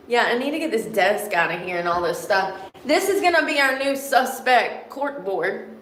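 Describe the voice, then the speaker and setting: A woman chatting casually to her viewers while clearing out a room, rambling, sniffly and a bit out of breath. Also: on the high side, animated, normal speed, a bit bright. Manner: rambling, talks to herself and viewers, swears lightly. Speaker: vlogger. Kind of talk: casual livestream chat while tidying. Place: room being cleared for painting, indoors. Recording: roomy echo with faint background noise.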